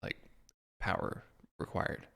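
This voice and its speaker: A man co-hosting a casual gaming podcast, laughing and stumbling over his words. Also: fairly bright tone. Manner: laughing, halting restarts. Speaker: podcast co-host. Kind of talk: casual chat.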